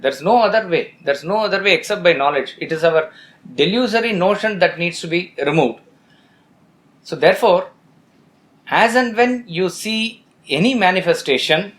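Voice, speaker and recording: A man giving a measured Vedanta discourse as a spiritual teacher, repeating his points for emphasis. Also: on the high side, fairly bright tone.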